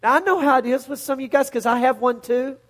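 With a very high-pitched voice and a quick pace, a middle-aged pastor animatedly recounts a Bible story in his sermon, performing the scenes in character voices.

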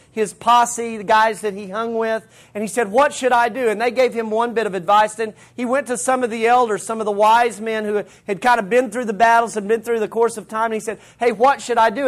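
A man preaching a sermon, retelling scripture in casual everyday slang. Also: high voice. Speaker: pastor.

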